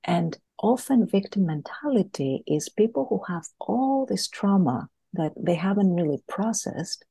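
A woman's voice: medium pitch, expressive, measured pace, gravelly, dark tone, slightly rough, dry recording. A woman, a guest in a podcast interview, earnestly explaining an idea through a story and often repeating words as she thinks. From Greece.

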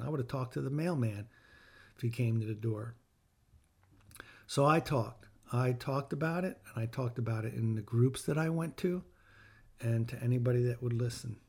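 A man's voice: mid-range voice, creaky, a little mellow, slightly rough. A middle-aged man hosting a podcast, speaking in an earnest, heartfelt way and stressing his points through repetition as he reflects on faith. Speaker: podcast host. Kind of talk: personal reflective talk with faith teaching.

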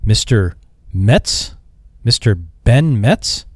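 A man reading a classic story aloud as an audiobook narrator, steady and measured. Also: fairly low pitch, husky, dry recording, studio quality. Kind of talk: scripted narration.

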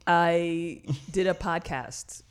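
A woman's voice: lowish voice, drawn-out words, clean tone. Blunt New woman co-hosting. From New York City. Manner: blunt, swears freely, storytelling. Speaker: podcast co-host. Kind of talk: casual chat.

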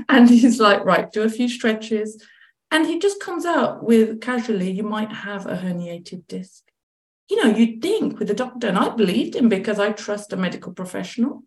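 A woman's voice: medium pitch, normal speed. Woman telling her story, echoey room. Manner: animated, acts out quoted dialogue. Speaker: guest, chronic pain and mindset coach. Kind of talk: conversational storytelling.

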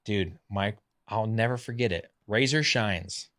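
A former professional pitcher in his thirties, a guest telling his story in a casual, animated way, often acting out what others said. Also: a little slow. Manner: animated, acts out quotes of others.

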